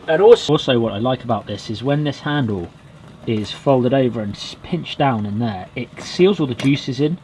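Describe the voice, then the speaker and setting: A man from Britain vlogging from a small wood cabin with a stove, chatting in a relaxed way and talking straight to his viewers. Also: mid-range voice, normal speed, a little hiss or hum. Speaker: outdoors vlogger. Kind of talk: casual vlog to camera.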